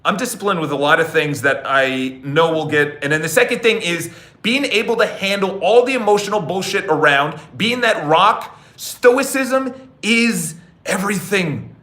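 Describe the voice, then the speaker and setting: Blunt preachy man, high and bright. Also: moderate pace, roomy sound. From New York City. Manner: blunt, preachy, repeats words and says "okay?" often. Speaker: podcast host. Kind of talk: casual motivational monologue.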